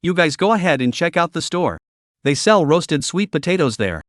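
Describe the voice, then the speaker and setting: A rich young man, cool and mocking toward a cheating merchant, read out by a man. The tone is fairly high and lively, with a dry close sound. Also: normal speed, dry recording. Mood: scornful. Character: wealthy young man, calm but scornful.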